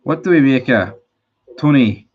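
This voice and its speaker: A man's voice: mid-range voice, animated, measured pace. Rambling man on a lo-fi stream. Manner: rambling, blunt, swears freely, many restarts. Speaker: livestream host. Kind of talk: casual livestream chat reading viewer comments. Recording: dull lo-fi stream audio.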